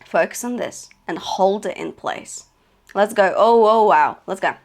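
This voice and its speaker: A woman vocal coach with a medium-pitched, slightly slow voice gives a singing lesson. She's encouraging, checks in often with "okay?" and "yeah?", and sings demonstration notes between her spoken instructions.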